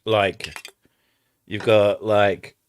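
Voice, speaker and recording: A man's voice: on the low side, steady tone, extremely slow, a little hiss or hum. A man with an Edinburgh Scottish accent, hosting a live stream in rambling casual chat, swearing and trying out silly impressions. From Scotland. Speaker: streamer host.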